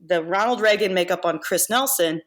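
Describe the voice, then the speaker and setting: A woman being interviewed on a podcast about her makeup effects career, telling animated anecdotes with laughs and restarts. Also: on the low side, normal speed. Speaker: guest makeup effects artist. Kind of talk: casual storytelling interview.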